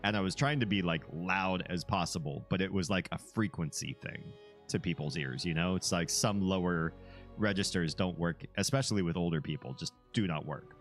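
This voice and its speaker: Male streamer with a very deep bass voice; loose, rambling casual chat with frequent chuckles, soft music behind. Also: normal speed. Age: young adult to middle-aged, a parent. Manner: rambling, easygoing, chuckles often.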